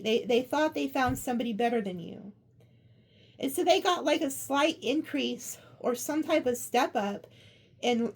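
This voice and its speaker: High gravelly-voiced woman tarot reader. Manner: excitable, gasping, chatty. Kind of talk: casual tarot card reading.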